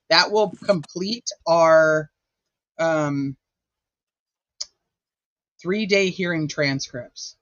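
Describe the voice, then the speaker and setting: A man's voice: on the high side, extremely slow, pauses often, a bit bright, dry recording. Chatty man hosting a livestream, somewhat muffled. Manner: rambling and chatty, with lots of filler words. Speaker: host. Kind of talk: casual livestream chat.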